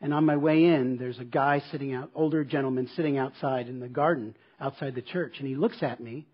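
A man's voice: medium pitch, fairly even intonation, fairly quick, slightly rough, muffled recording. A man preaching a sermon as pastor, telling a personal story in an earnest, emphatic way and returning to a repeated refrain. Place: church service.

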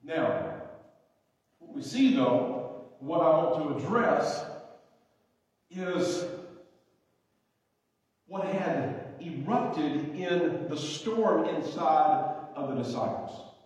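A middle-aged male pastor preaching with a high-pitched voice, stressing and repeating his key phrases between long pauses. He sounds far from the mic, in a large hall with a long, booming echo. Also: lively intonation, darkish tone. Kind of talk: sermon.

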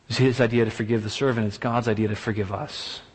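A man's voice: fairly low pitch, fairly even intonation, fast talker, husky. A man preaching a sermon, emphatic, piling up repeated rhetorical exclamations. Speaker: pastor. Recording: long hall reverb.

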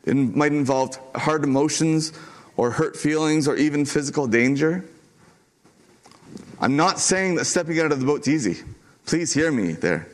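A man preaching a sermon to his church as pastor, earnest and emphatic, repeating key lines with dramatic pauses. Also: fairly high pitch.

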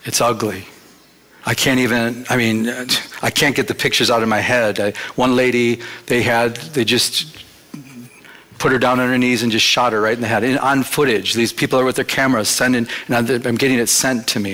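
Bright-voiced earnest male preacher. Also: mid-range voice, steady tone, normal speed. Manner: earnest, conversational, repeats phrases. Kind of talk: sermon with personal storytelling.

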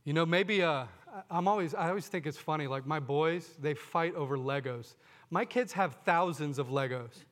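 A man's voice: on the high side, normal speed, fairly bright tone, in a large hall. A man preaching a sermon to his congregation, earnest, often asking them questions and calling them "folks". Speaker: pastor.

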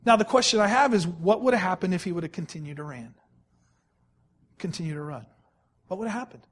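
A man preaching a sermon as pastor, emphatic and repetitive, slowing down to stress key words and questioning the congregation directly. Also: high-pitched, lively intonation. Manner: emphatic, repeats phrases, slows right down to stress key words.

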